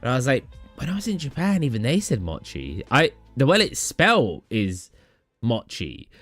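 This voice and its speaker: A young British man chats casually with his stream viewers, rambling and acting out his own reactions. His mid-range voice is very animated and fairly bright, at a normal speed. The recording is dry, with faint music in the background.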